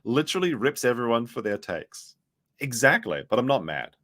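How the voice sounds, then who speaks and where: A man's voice: mid-range voice, big pitch swings, moderate pace, a bit bright. Sarcastic rambling male commentator. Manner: sarcastic, rambling, mimics others in quotes. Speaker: commentary streamer. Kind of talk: mocking commentary on clips.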